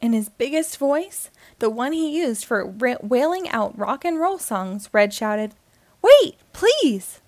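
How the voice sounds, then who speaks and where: A woman hosting and reading a children's book aloud in a slow, expressive way. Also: a little high, dry recording. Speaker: host and reader.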